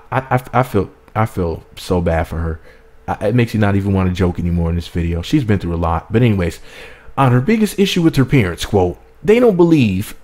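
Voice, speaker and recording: A man's voice: on the low side, a little mellow. A man reading a celebrity gossip article aloud and breaking off into profane, joking commentary. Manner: profane, playful and irreverent, keeps interrupting himself. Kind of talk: reading an article with off-script comedic asides.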